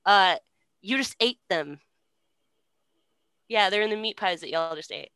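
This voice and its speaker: A woman's voice: medium pitch, measured pace, sharp tone, clear, resonant tone, dry recording. A woman voicing a vengeful Roman general who mocks his enemies in a breezy, slangy way. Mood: mocking. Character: gleeful vengeful Roman general, man, middle-aged.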